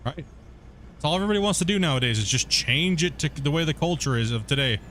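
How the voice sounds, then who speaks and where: A man's voice: a little high, animated, fast talker, a bit bright, a little hiss or hum. Rambling, blunt man chatting casually. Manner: rambling, blunt, swears when annoyed. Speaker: gaming streamer. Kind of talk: casual chat.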